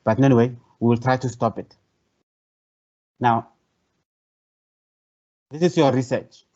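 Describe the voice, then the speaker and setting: A man's voice: mid-range voice, a little slow, a little mellow. Man giving a workshop lecture. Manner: conversational, repeats phrases and hesitates. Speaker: professor leading a training workshop. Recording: dull, lo-fi online call audio.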